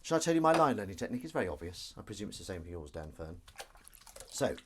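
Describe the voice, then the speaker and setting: A man's voice: low voice, very animated, fast talker, slight background noise. A middle-aged man, chatting casually on a live stream while washing up, reading comments aloud and laughing along. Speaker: live stream host and actor.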